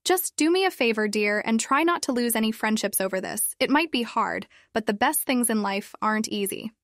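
A woman voicing a gentle, patient middle-aged mother who speaks in a soothing, coaxing way. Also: on the high side, animated, brisk, no echo, clean studio sound.

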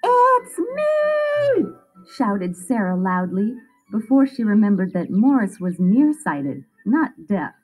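Lively woman narrator for a picture book, music faint. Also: medium pitch, unhurried, slightly rough, low-quality recording. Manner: expressive storytelling. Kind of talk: children's story read-aloud.

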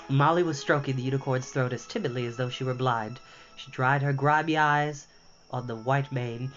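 A reader in their thirties reading a novel aloud in a lively, expressive way. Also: medium pitch, normal speed. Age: 30s. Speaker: storytime reader. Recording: dull lo-fi with faint music.

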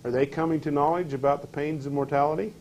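A man's voice: a little high, fairly even intonation, quick pace, a little mellow, a little hiss or hum, rough recording. A man teaching a scripture class, questioning his listeners and reading verses aloud with rising emphasis.

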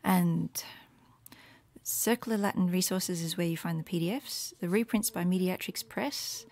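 A woman giving a casual, rambling screen walkthrough of her Latin study resources, with many fillers and soft murmured asides. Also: lowish voice, moderate pace, no room sound. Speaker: Latin teacher making resources.

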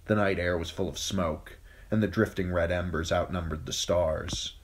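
A man narrating an audiobook chapter in a steady, even read. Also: low voice, moderate pace, a little hiss or hum. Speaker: amateur audiobook reader.

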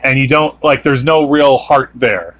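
A man's voice: medium pitch, a little slow, fairly bright tone, slight background noise. A man hosting a podcast, chatting casually and rambling with many fillers and restarts. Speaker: podcast host. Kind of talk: casual chat.

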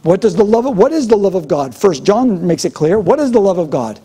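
A man's voice: sits high, sing-song, a little fast, warm tone, husky. A middle-aged man preaching a sermon as pastor, with a fervent, repetitive preaching cadence.

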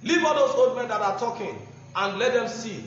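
High-voiced Nigerian man in an echoey hall. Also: lively intonation, normal speed, a bit bright. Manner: combative, mocking and preachy, repeats phrases for emphasis. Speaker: political speaker. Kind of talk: impassioned political address. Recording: echoey room, dull lo-fi sound, faint noise.

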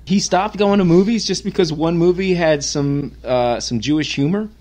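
Crude, animated man telling stories. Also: on the high side, normal speed. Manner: animated, crude, laughing storyteller. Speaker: podcast co-host. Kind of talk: casual storytelling chat.

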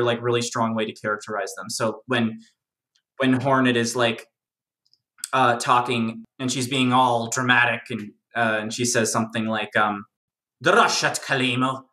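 Bright, chatty game-lore explainer, roomy sound. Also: medium pitch. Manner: animated, chatty, many fillers and restarts, jokey. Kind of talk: casual discussion.

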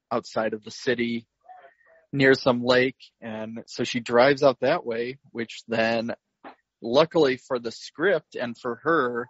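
A man co-hosting a podcast, slowly recapping a film plot in casual chat, with lots of fillers and laughs. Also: mid-range voice, no echo, lo-fi sound. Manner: slow, rambling recap with frequent fillers and laughs. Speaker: podcast co-host.

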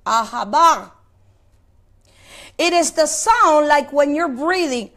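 Woman preacher, very high voice, sermon delivery, questions to the congregation, halting repeats. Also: animated, pushed and bright. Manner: asks the congregation questions, repeats words while searching. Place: place of worship.

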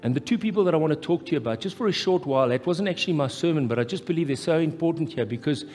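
A man with a South African accent preaching a live sermon as pastor, impassioned and rising to loud, emphatic peaks. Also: a little high, lively intonation, very fast. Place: church hall, live. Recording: echoey church hall with faint music.

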